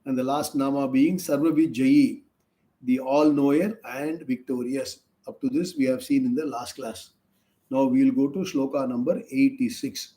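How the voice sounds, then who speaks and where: A middle-aged man teaching a scripture class, chanting Sanskrit verses quickly and then explaining them slowly, often repeating himself. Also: medium pitch, steady tone, dark tone. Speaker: spiritual teacher.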